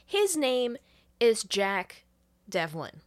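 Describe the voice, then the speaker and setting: A woman co-hosting a podcast, casually retelling a movie plot with loose, profane storytelling and quick laughs. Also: a little high, big pitch swings. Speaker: podcast co-host recapping a movie. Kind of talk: casual chat.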